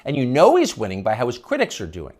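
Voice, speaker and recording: A man's voice: mid-range voice, wildly swooping pitch, quick pace, darkish tone. A middle-aged male commentator delivering a sarcastic, emphatic opinion monologue.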